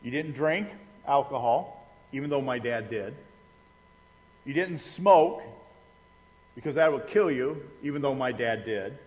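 A man's voice: mid-range voice, expressive, a little slow, pauses often. A middle-aged man from Indiana, a pastor telling personal stories in a sermon, folksy and conversational with humorous asides to the congregation. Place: church sanctuary. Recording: long reverb of a church hall.

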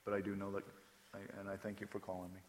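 A man's voice: deep voice, completely flat delivery, rapid-fire, big-room sound, a little hiss or hum. A man preaching a sermon as pastor, speaking conversationally and with emphasis, often putting questions to the congregation.

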